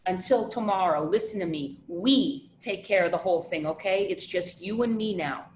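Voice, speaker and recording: A woman's voice: lowish voice, moderate pace, natural voice. A woman playing a bossy, tense grieving sister. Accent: New Jersey. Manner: clipped, bossy and exasperated. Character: tense, prim grieving eldest sister, middle-aged. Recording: roomy echo, faint noise.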